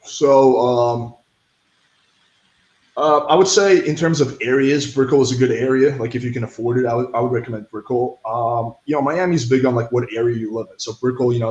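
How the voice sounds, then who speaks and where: A man's voice: medium pitch, darkish tone, highs cut off. A young man telling a story in a casual interview, blunt and profane, full of fillers like "like" and "right". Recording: echoey room.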